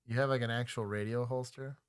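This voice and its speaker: A man's voice: medium pitch, steady tone, fast talker, clear, resonant tone. A man from Texas, a former cop hosting a livestream, joking casually and explaining police procedure.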